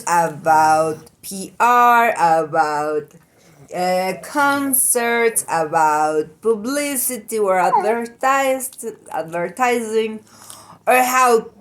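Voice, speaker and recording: Woman, very slow pace, halting casual monologue. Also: medium pitch. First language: Spanish. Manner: halting, searching for English words.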